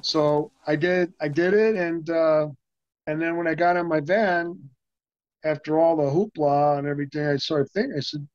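Older man telling profane stories, slightly high voice. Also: normal speed, no room sound. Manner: animated, profane, full of restarts and laughs. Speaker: interview guest, stuntman and actor. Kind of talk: casual storytelling interview. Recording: muffled, dry sound.

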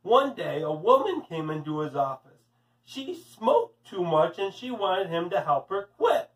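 A man's voice: high-pitched, very animated, a little slow, recorded from a distance, poor audio. A man, a teacher, reading a storybook aloud to children in a friendly way. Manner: friendly, addressing kids.

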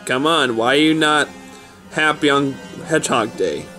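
A man's voice: on the high side, moderate pace, sharp tone, faint music behind. A man voicing a brash, lazy cartoon hedgehog who brags and talks in slang. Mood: insistent. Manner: slangy, boastful, dismissive. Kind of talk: toy stop-motion fan skit voice.

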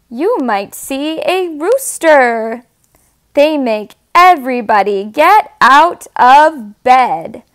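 High-voiced woman reading farm picture books to little kids, super slow and sing-song, does the animal noises. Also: smooth. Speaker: storyteller.

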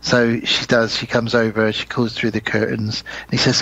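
Speaking at a moderate pace in a lowish voice, a man co-hosting a podcast recaps a film in an easygoing way, animatedly acting out what the characters say.

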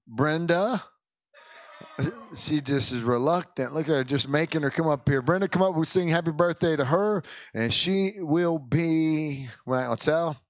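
A man's voice: fairly high pitch, no echo. Chatty, folksy male pastor. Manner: folksy, chatty, self-interrupting. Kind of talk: casual church announcements. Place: church sanctuary.

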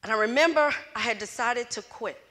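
A woman's voice: a little high, brisk. A middle-aged woman from Louisiana, telling her story in a motivational speech to students and acting out the dialogue with energy. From Louisiana, USA. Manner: animated storyteller who acts out dialogue. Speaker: closing speaker at a student event. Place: event hall with student audience. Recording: echoey hall.

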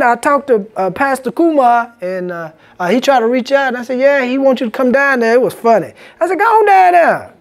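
Male pastor, preaching in a church, pitch rising and falling widely, call-and-response delivery. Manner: call-and-response, asks congregation "Amen?". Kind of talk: sermon. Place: church sanctuary.

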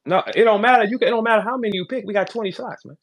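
A man hosting a live audio call, trash-talking loudly and then turning low and calm. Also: racing. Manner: loud, brash trash talk, swings to low calm. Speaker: battle rap host.

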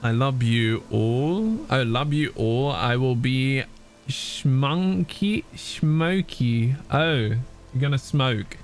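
Soft music sits behind a man whose mid-range voice takes its time. Playing a video game live, he chats casually with his audience, swearing, laughing, and reading chat aloud.

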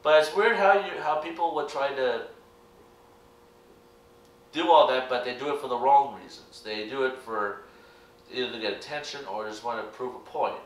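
With a mid-range voice at normal speed, pausing often, a young American reaction vlogger rambles earnestly about his opinions to his audience. The sound is echoey, captured from a distant microphone.

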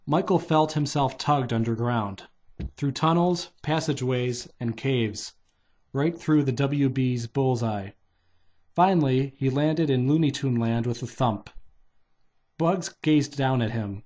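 A man reading a children's novelization aloud in a plain, steady manner. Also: mid-range voice, measured pace. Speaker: reader.

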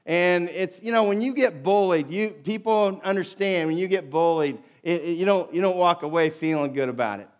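A middle-aged male pastor delivers a sermon in a fairly high voice. He tells a personal story in an animated way, acting out the other people's lines as he goes. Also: moderate pace, few pauses.

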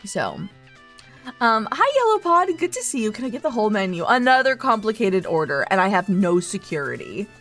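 A VTuber streamer hosts a cozy barista role-play, reading chat aloud in a teasing, playfully motherly manner. Her medium-pitched voice is very animated and fairly bright at a normal speed, with faint music playing behind her.

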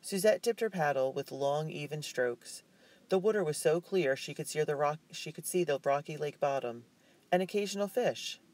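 Guy reading an audiobook chapter, calm even storytelling voice. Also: a little high, normal speed. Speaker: audiobook narrator. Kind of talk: scripted audiobook narration.

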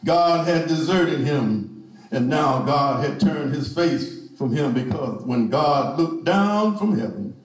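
Male preacher, slow and deliberate, emphatic refrains, heard from afar in a reverberant sanctuary. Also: a little high, expressive. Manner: rising to emphatic repeated refrains. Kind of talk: sermon. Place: church sanctuary. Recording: echoey church from far off.

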